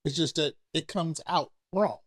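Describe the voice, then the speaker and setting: A man co-hosting a podcast in casual chat, telling blunt and candid stories that grow loud when he acts out arguments. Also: a little high, measured pace, dry recording, studio quality. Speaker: podcast co-host.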